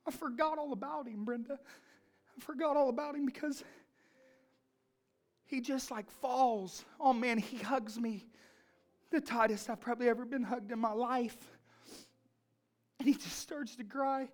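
Brief: woman preacher, fairly high pitch, emphatic storytelling sermon. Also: fairly even intonation, unhurried, pauses often, a little mellow. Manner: storytelling, emphatic, builds to fervent pleading.

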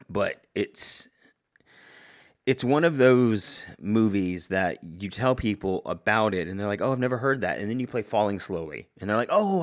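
A man hosting a solo podcast, talking casually and enthusiastically, often rambling and correcting himself. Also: sits low. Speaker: podcast host.

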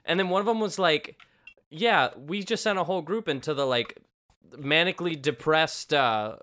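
A man co-hosting a podcast in casual chat, animated and acting out quotes in little voices. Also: fairly high pitch, moderate pace. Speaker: podcast co-host.

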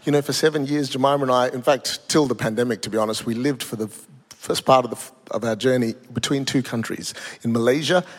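A man preaching a sermon as pastor, telling a personal story in an emphatic way. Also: fast talker. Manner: storytelling, emphatic, builds to high-pitched peaks. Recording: echoey hall.

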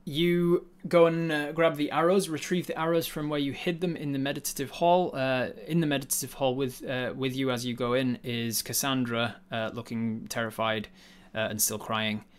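A man narrating a tabletop game as game master, halting and full of uhs and ums. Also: medium pitch, fairly even intonation, clean tone.

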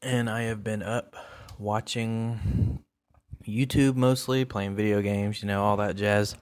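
Male podcast host with a lowish voice; relaxed, rambling solo chat full of ums and uhs. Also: slow, smooth. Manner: rambling and laid-back, with many fillers.

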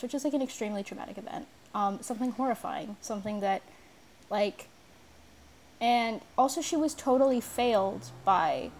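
A woman's voice: on the high side, darkish tone, a little hiss or hum. A young woman co-hosting a casual chat, rambling with many fillers and restarts. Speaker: podcast co-host. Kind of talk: casual chat about an anime.

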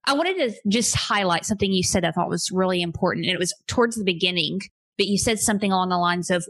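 A woman's voice: mid-range voice, fast, a bit bright, dry recording. Earnest woman podcast host, dry sound. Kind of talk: casual interview.

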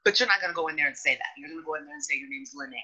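Candid woman podcast host, bright edge. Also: rapid-fire, husky. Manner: candid, animated, slips into high mocking voices. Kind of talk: casual chat. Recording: dull lo-fi audio.

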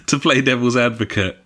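A man's voice: mid-range voice, pushed and bright. A man co-hosting a casual gaming podcast, chatty and swearing freely between filler sounds. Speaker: podcast co-host.

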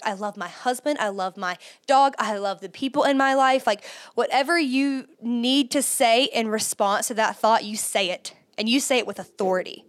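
A woman's voice: a little high, fairly bright tone, dry recording, studio quality. A woman hosting a faith-based podcast, talking earnestly and emphatically as she coaches listeners through spoken affirmations. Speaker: podcast host.

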